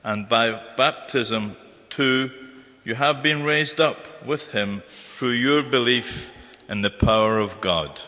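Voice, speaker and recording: A man serving as lector, reading a scripture passage at church in a slow, measured way. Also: mid-range voice, bright, forceful tone. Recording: reverberant church recording.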